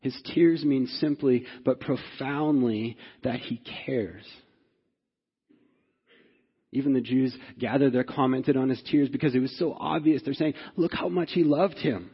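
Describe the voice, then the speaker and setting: Earnest male pastor, husky voice, long hall reverb. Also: fairly even intonation, unhurried, muffled recording. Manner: earnest, repeats "right?" to the congregation; rises in pitch and force when stirred. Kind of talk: sermon.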